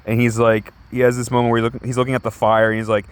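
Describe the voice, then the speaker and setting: A man's voice: mid-range voice, level tone, fast talker, smooth. A man casually reviewing a comic book, rambling and enthusiastic with many restarts.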